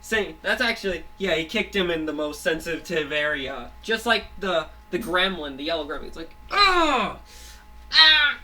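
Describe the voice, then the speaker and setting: A man making up a show plot aloud, halting and full of fillers, restarts and constant "let's say" revisions. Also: fairly high pitch, sharp tone. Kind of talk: improvised rambling storytelling. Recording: voice a bit far from the mic.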